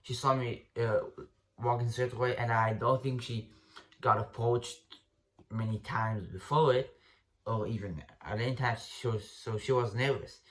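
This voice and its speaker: A man's voice: mid-range voice, moderate pace. A man giving dating advice in a casual, unscripted rant, blunt and profane, rambling with restarts and calling the listener bro.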